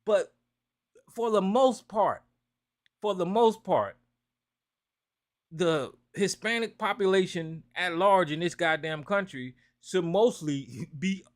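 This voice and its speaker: A man's voice: high voice, slow pace, pauses often. A man from North Carolina, hosting a call-in talk show and ranting profanely about politics.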